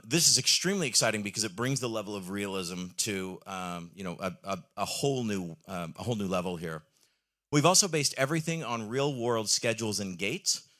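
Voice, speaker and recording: A man's voice: deep voice, bright, forceful tone. A man giving an enthusiastic live product presentation on a trade-show stage, with frequent ums and questions to the audience.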